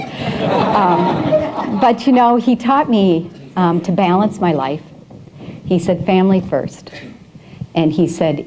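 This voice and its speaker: Low, mellow-voiced woman telling stories. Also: slight background noise, low-quality recording. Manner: storytelling with frequent fillers and restarts; laughs at her own anecdotes. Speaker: guest speaker. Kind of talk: leadership talk at a breakfast event. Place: event room.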